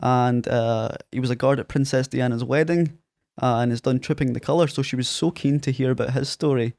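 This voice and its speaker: A man's voice: mid-range voice, brisk, no echo. A man in his thirties with an Ayrshire Scottish accent, a guest telling stories in a casual interview and acting out quotes in a raised voice. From Scotland. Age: 30s. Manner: animated storyteller, acts out quotes in a raised voice.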